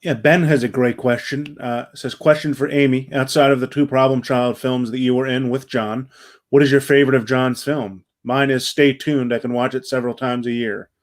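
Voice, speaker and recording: A man's voice: medium pitch, fairly even intonation, moderate pace. A man hosting a live fan Q&A over video call, reading out viewer questions. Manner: reads fan questions, short agreeing replies. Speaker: host. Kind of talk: live Q&A interview.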